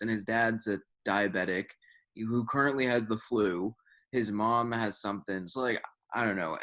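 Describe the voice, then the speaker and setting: A man's voice: lowish voice, fairly bright tone. A young man co-hosting a podcast in casual chat, rambling with lots of filler words and swearing. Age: young adult. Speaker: podcast co-host.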